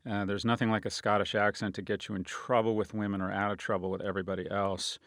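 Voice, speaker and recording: A man's voice: level tone, fast, few pauses, no room sound. Bombastic self-mocking male podcast host. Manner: bombastic, self-mocking, swings from loud announcer to low aside. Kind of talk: comedic podcast monologue.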